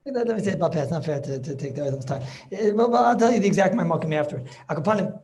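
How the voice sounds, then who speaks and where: A man's voice: on the high side, expressive, fast talker, few pauses, darkish tone. A man, a rabbi, teaching an informal class over a video call, chatty and sprinkling in study-hall terms. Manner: chatty, mixes in Yiddish and Hebrew study terms.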